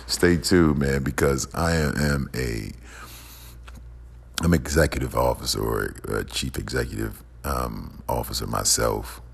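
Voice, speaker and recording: A man's voice: a bass voice, normal speed, gravelly, slightly rough. A man delivering a heated, profane, repetitive rant as a podcast host. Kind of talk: angry ranting monologue. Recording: long echoing reverb.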